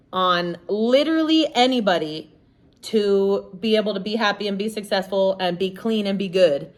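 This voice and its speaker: A woman hosting a podcast, talking in a casual monologue that is blunt and emphatic, with lots of swearing and "like" and "you know". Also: fairly high pitch. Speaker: podcast host.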